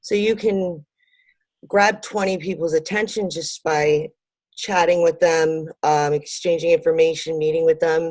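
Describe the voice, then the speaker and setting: Low mellow woman chatting in an interview, lots of ums, dry sound. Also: fairly even intonation, measured pace, dry recording. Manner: lots of ums and fillers, laughs easily. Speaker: interview guest, marketing business owner. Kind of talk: conversational interview.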